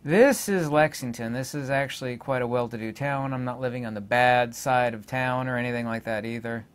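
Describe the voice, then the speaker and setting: Indignant rambling man, mid-pitched. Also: brisk, clear, resonant tone. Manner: indignant, hesitant, many filler words. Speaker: channel host. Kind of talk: rambling casual monologue.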